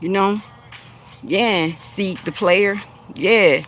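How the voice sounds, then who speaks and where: A woman with a deep, bassy voice gives a spiritual coaching monologue, preachy and repetitive, chuckling between phrases. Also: extremely slow, a bit bright, slight background noise. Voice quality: deep voice with bass. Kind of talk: spiritual motivational monologue to camera.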